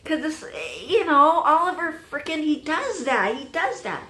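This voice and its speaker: A woman giving an excited reaction review of a TV episode, gushing and thinking out loud as she goes. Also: high-pitched, unhurried, roomy sound.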